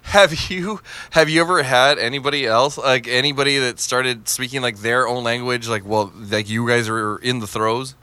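A man's voice: medium pitch, fairly even intonation, moderate pace, few pauses, pushed and bright, smooth, no room sound. A man in casual, crude podcast chat who swears freely and laughs often.

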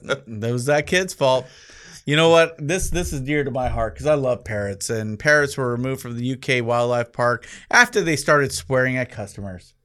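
A man hosting a comedic news podcast, reading out odd stories and answering with quick deadpan one-liners. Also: medium pitch.

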